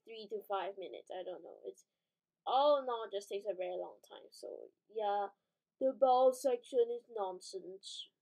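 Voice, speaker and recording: A woman's voice: medium pitch, a little mellow, low-quality recording. A woman giving casual, rambling gameplay commentary, correcting herself as she thinks aloud, with sudden startled outbursts. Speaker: gaming channel host.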